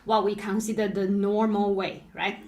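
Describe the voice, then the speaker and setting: A woman's voice: mid-range voice, flat delivery, normal speed, a little mellow, roomy sound. A woman piano teacher explaining patiently and checking in with "right?" after nearly every phrase. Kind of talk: live online piano lesson.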